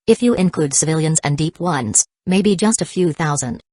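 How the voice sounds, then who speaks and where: Woman reading as a calm, calculating ninja man. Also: deep voice, normal speed, no echo.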